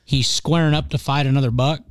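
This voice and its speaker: A man's voice: medium pitch, fairly even intonation, brisk, smooth, no room sound. A man co-hosting a hunting show, joking easily and laughing often in casual chat. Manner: easygoing, joking, laughs often, rural phrasing. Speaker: co-host of an outdoors hunting show.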